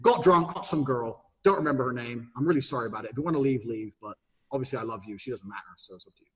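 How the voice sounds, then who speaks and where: A man's voice: mid-range voice, rapid-fire. A man speaking as an interview guest, blunt, emphatic and profane. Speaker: interview guest giving advice to men. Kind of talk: podcast interview talk. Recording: roomy echo.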